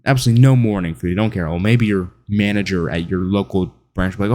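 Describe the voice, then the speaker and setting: A man's voice: sits low, steady tone, quick pace, warm tone. A man delivering an opinionated, mocking monologue, now and then mimicking other people in whiny voices. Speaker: online commentator. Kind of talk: monologue to camera.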